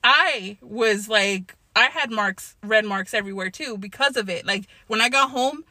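A woman's voice: medium pitch, moderate pace, no echo. A young woman in her twenties co-hosting a podcast, telling a story in casual, profane chat and acting out what people said. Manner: profane, animated storyteller who acts out quotes. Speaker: podcast co-host.

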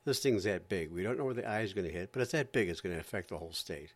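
A man playing a calm, plain-spoken governor announcing emergency measures. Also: low voice, very fast, no room sound, pitched below the performer's own voice. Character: calm male state governor giving orders.

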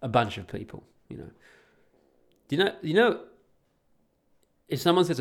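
A man's voice: medium pitch, sing-song, measured pace, creaky, pauses often. A man hosting a solo podcast, talking in a blunt, sweary, sarcastic way. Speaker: podcast host.

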